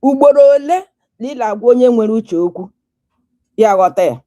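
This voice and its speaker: A woman's voice: on the high side, animated, a little fast, mellow. A woman with a Nigerian Igbo accent speaking as a guest on a talk show, angry, emphatic and lecturing. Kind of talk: casual talk show chat.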